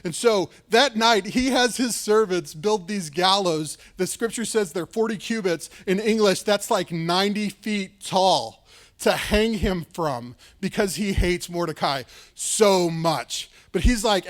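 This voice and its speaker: A male pastor with a high voice tells a story during his sermon. He talks casually and loosely, dropping "like" and "right?" often, and often leans on dramatic emphasis. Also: unhurried. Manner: casual, lively retelling with fillers like "like" and "right".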